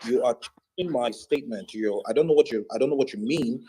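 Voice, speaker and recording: A man, speaking in a live audio debate, defensive and measured. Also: mid-range voice, dark tone, breathy edge, rough recording. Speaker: speaker in an audio chat room.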